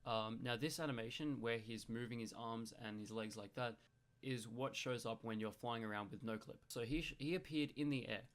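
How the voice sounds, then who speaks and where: A young man with an Australian accent talks through gameplay footage in a casual, rambling way. He explains patiently and keeps restarting his sentences with ums. His pitch sits in an ordinary middle range. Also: normal speed, hardly any pauses. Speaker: gaming YouTuber.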